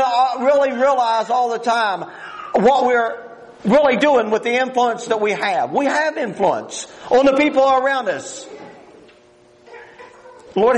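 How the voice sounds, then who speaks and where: Older male preacher, high-pitched, folksy and rambling, heard from a distant mic at times. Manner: folksy, rambling, with restarts and plain country grammar. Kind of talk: sermon.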